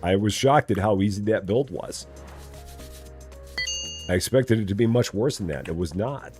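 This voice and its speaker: A man streaming a game live, chatting casually and often muttering quietly to himself as he works. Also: lowish voice, animated, normal speed, music in the background. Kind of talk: casual live gameplay commentary.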